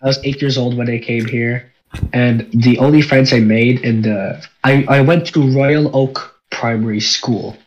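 A young male podcast host, sick with a stuffy nose, chats casually in a nasal voice from his cold. He rambles with lots of fillers and laughs often, in a mid-range, fairly even, unhurried voice on lo-fi sound.

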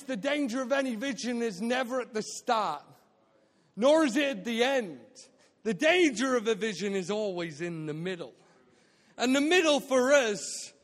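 A man with a high, bright-pitched voice preaches a story-driven sermon, joking and acting out his own quotes with lively energy. He was recorded live in a church hall, and his voice carries a long reverb tail. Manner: animated, jokey, acts out quotes. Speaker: guest speaker at a church. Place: church auditorium.

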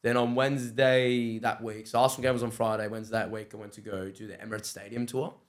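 A young-sounding Australian man rattles through his stories at a quick clip, his pitch sitting in an ordinary middle range. He's a guest on a casual podcast, animated and slangy, slipping into the voices of the people in his stories. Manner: animated, acts out quoted dialogue, says "bro" often. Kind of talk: casual storytelling chat.

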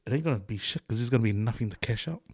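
A man's voice: mid-range voice, animated, very fast, husky, no room sound. A middle-aged man with a New Zealand accent co-hosting a podcast, talking loosely with lots of swearing, laughs and "eh". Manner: loose, swears a lot, laughs often, fillers like "eh" and "bro". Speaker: podcast co-host. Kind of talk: casual chat.

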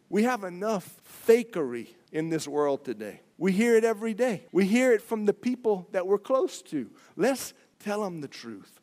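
A man's voice: sits high, darkish tone. A man serving as a church elder, preaching a sermon in a folksy, conversational way and often putting questions to his listeners.

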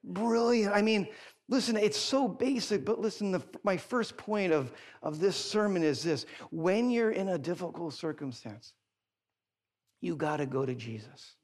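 A middle-aged male pastor preaching a sermon, telling a story with big jumps up in pitch when excited and dropping quiet for serious points. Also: a little slow. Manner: animated storytelling, voice leaping high when excited.

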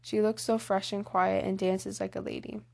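A woman's voice: medium pitch, flat delivery, moderate pace, creaky, a little mellow. A woman reading aloud as a polite, good-natured teenage boy in a storybook, barely changing her own voice.

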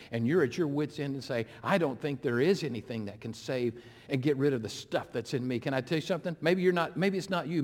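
A middle-aged man, an interim pastor, preaching a sermon, swinging between loud, pressing appeals and hushed, slow retellings. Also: medium pitch. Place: church sanctuary. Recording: long hall reverb.

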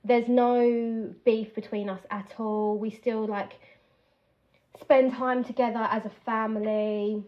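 A woman's voice: on the high side, level tone, slow, muffled recording. A young woman hosting her podcast at home in a candid, rambling chat, breaking off and restarting her thoughts. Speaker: podcast host. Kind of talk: casual chat. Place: at home while doing her hair.

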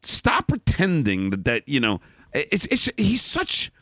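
Blunt, animated man telling stories. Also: on the high side, slow, no room sound, clean studio sound. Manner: animated, blunt, many restarts and repeated words. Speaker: interview guest, author. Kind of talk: candid storytelling in a conversation.

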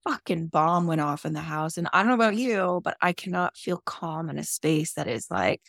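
A woman's voice: low voice, animated, normal speed, a bit bright, no room sound, clean studio sound. A woman guest on a podcast, candidly telling a personal story in an open, emotional and casual way, with some swearing.

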